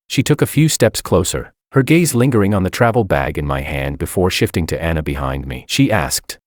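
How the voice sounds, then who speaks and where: A man narrating a first-person story in an even, wry tone. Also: low-pitched, brisk, hardly any pauses, no echo, clean studio sound.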